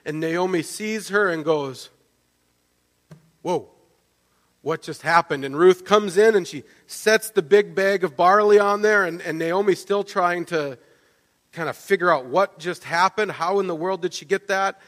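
A man preaching a sermon, telling the story in a lively way and often checking in with "right?". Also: sits high, normal speed. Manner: animated storytelling, with frequent restarts and "right?" asides. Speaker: pastor. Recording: long reverb of a large hall.

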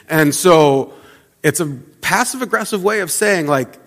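A pastor giving a conversational sermon, often restarting and repeating words. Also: male voice, a little high, lively intonation, a little slow, fairly bright tone, big-room sound.

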